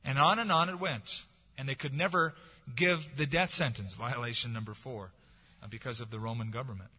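A man's voice: mid-range voice, fairly even intonation, brisk, husky. Man preaching, dramatic ups and downs, muffled lo-fi sound, long reverb. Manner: dramatic preaching with sudden drops to soft, hushed lines. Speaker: pastor. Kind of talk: sermon.

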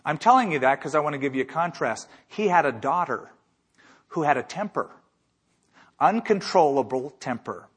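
A man's voice: fairly high pitch, lively intonation, moderate pace, fairly bright tone, breathy edge. A man preaching a sermon as a pastor, emphatic, with rhetorical questions and repeated phrases.

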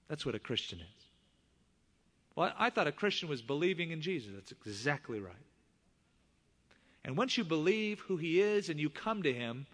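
A middle-aged male pastor preaching a sermon, with animated rises in voice and sudden hushed drops. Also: on the high side. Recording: long reverb of a large hall.

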